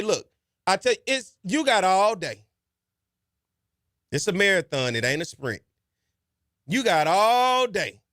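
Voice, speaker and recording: A man's voice: sits high, sharp tone, no room sound. Man, podcast host, folksy, urging, dry close sound. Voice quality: colloquial, folksy and exhortative, repeats advice for emphasis. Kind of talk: casual advice monologue and storytelling.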